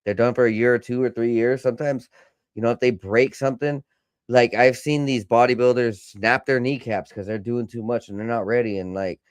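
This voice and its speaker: A man hosting a podcast in a loose, rambling casual chat, pausing and restarting often. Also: medium pitch, fairly even intonation, clear, resonant tone, dry recording. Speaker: podcast host.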